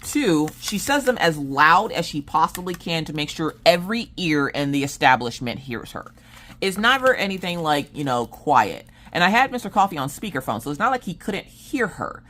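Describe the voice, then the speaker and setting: A vlogger in her thirties casually tells a family story, animated and jokey, acting out her relatives' lines. She speaks at normal speed in a deep voice.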